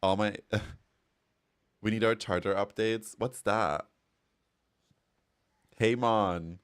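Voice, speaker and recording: A man's voice: lowish voice, steady tone, a little slow, clear, resonant tone. A man streaming a game, chatting casually and giggling as he reacts to chat messages.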